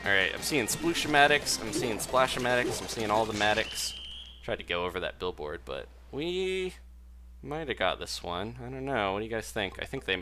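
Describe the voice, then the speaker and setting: A man's voice: fairly low pitch, fairly quick, pushed and bright. A man giving chatty live commentary while playing a game, laughing often and reading viewer messages aloud. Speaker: game streamer. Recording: game music behind voice. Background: game music.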